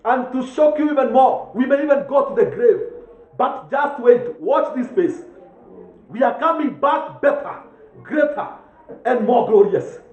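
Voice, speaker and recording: A male pastor with a Kenyan accent preaches with fervent calls and bursts of chuckling. His voice sits very high. The sound is tinny and thin, like a phone line, and it echoes around the church. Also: lively intonation, measured pace. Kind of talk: sermon.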